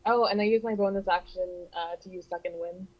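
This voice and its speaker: A tabletop player declaring attacks in casual chat, blunt and quick to swear. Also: medium pitch, steady tone, dull audio.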